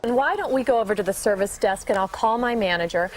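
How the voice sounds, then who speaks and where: An actress playing a female store clerk who calms an upset customer in a placating tone. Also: mid-range voice, fast, some chatter behind, slight background noise, lightly acted, poor audio. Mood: soothing. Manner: soothing, placating.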